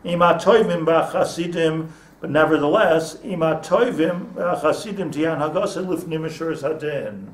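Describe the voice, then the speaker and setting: Teaching an informal Torah class, the man speaks at a moderate pace in a slightly high voice. He's a rabbi chatting with students, restarting phrases and dropping in Hebrew terms, recorded from afar with roomy echo.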